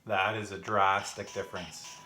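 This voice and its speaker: Over music, a young man with a low voice talks at normal speed in a flat delivery while livestreaming and working. As a gaming vlogger answering live chat, he's out of breath and rambling with fillers, and the room is echoey with faint background noise.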